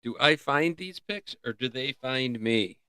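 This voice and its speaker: A man hosting a casual livestream, rambling and joking as he thinks out loud. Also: mid-range voice, animated, unhurried, clean tone, dry recording, studio quality. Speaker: livestream host.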